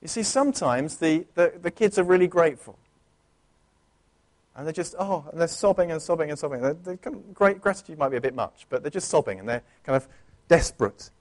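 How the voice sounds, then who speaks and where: Male pastor, higher-pitched voice, conversational and earnest sermon delivery. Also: animated, fairly quick. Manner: conversational, earnest, with frequent restarts. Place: church.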